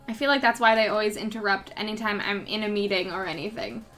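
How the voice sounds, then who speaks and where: A woman's voice: medium pitch, quick pace, fairly bright tone, soft background music. A young woman chatting casually with her viewers and her cat during a live drawing stream.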